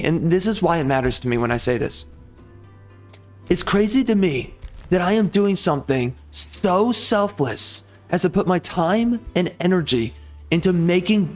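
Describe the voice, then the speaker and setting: Furious man ranting, fairly high voice. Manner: profane, heated, repetitive. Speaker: gaming YouTuber. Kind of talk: angry rant to camera.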